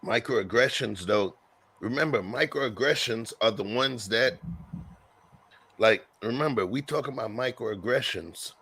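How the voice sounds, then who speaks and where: A man's voice: medium pitch, measured pace, a bit bright, slightly rough. A man hosting a casual panel discussion, lecturing and calling on the other guests. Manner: lecturing, drives the talk, calls on others.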